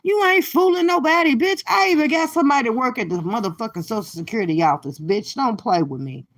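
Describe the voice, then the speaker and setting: Middle-aged woman streaming reactions from her car, fast and profane, slightly high, loud rants. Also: expressive. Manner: brash, loud, cursing rants with laughter. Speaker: livestream commentator. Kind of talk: profane reaction commentary while driving.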